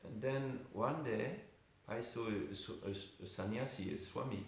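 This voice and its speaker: A man's voice: medium pitch, a little slow. A man giving an informal class at a temple, telling a story conversationally with many asides. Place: temple hall. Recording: very echoey room with faint hiss.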